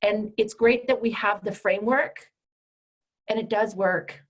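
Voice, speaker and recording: A woman's voice: mid-range voice, a little slow, low-quality recording. A woman coach teaching a group call, speaking directly and emphatically and acting out the voices she quotes. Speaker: empowerment coach and trainer.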